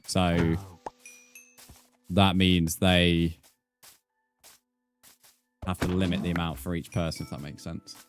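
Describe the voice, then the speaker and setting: A man's voice: deep voice, flat delivery, slow, long pauses, faint music behind. A British man chatting casually on a live game stream, easygoing, with lots of fillers as he reads out the chat. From United Kingdom.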